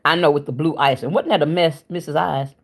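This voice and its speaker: A woman's voice: sits low, fairly even intonation, brisk. A woman hosting a cooking livestream, chatting frankly with her viewers and sounding tired and winded. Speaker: cooking channel livestream host. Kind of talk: casual chat with viewers.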